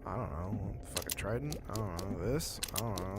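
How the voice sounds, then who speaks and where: A man's voice: lowish voice, animated, moderate pace, heavy background noise. A man casually commenting while he plays a video game, muttering to himself and swearing now and then. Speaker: streamer. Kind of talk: casual let's-play commentary. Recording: game music behind. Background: game music.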